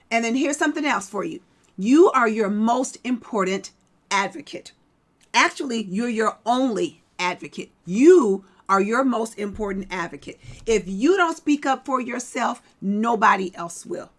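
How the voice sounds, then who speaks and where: A woman's voice: a little high, a bit bright. A middle-aged woman hosting a vlog, giving an emphatic motivational talk to her viewers and repeating her key points. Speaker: vlog host.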